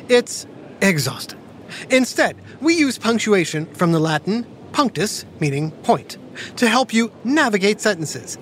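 A woman hosting a playful kids' educational podcast, talking like an animated storyteller. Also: medium pitch, a little hiss or hum. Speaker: host.

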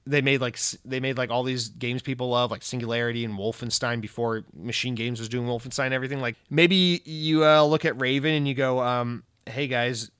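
Excitable, swearing young man ranting about games. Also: mid-range voice, brisk, few pauses, clean tone, no echo, studio quality. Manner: profane, rambling, excitable. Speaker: gaming commentator. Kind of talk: casual rant.

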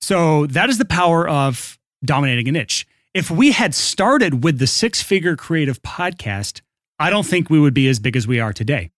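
A man's voice: fairly high pitch, sing-song, normal speed, fairly bright tone, dry recording, studio quality. A man co-hosting a podcast, reading an upbeat ad and then chatting casually and joking with his co-host. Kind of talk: casual podcast chat and read ad.

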